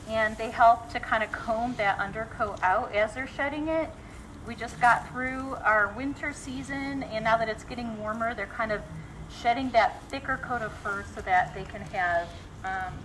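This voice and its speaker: A woman's voice: fairly high pitch, a bit bright, slight background noise, low-quality recording. A woman zookeeper giving a friendly live talk outdoors at an animal exhibit, explaining with frequent ums.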